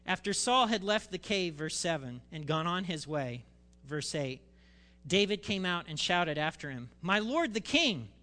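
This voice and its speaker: A male pastor preaching a sermon, reading scripture and retelling it with animated, dramatic emphasis. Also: fairly high pitch, normal speed, in a large hall.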